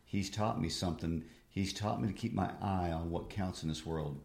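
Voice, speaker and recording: A man's voice: sits low, normal speed, creaky, a little mellow. A man reading out the brooding lines of a bitter, disillusioned working-class man in a play. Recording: echoey room.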